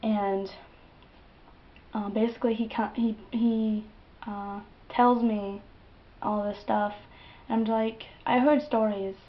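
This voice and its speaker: A woman's voice: medium pitch, slow pace, pauses often. A young woman talks straight to her camera, swearing freely and acting out the tale. Her voice sits in a mid range, and the webcam audio is slightly dull and muffled. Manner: animated and profane, with dramatic quoted outbursts. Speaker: vlogger. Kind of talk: casual storytelling to camera.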